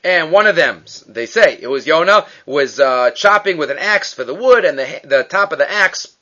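A Torah teacher leads an informal Bible class, retelling the story in a lively way and acting out the characters' quoted lines. His voice is bright, a bit higher than most, at a moderate pace, and he mixes Hebrew words into his English. The recording sounds dull and lo-fi.

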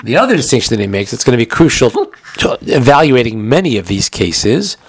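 A man's voice: medium pitch, big pitch swings, fairly quick, breathy edge, dry recording. A man giving a recorded halacha lesson in a chatty way, explaining with everyday examples, and he has the hiccups. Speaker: Torah teacher.

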